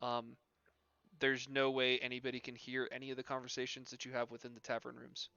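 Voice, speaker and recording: Male GM, rambling easygoing narration, smooth clear tone, dry close sound. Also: mid-range voice, monotone, brisk, pushed and bright, no room sound, dull audio. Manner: loose narration full of "like" and "um". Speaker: game master. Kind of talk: narrating a tabletop game on a live stream.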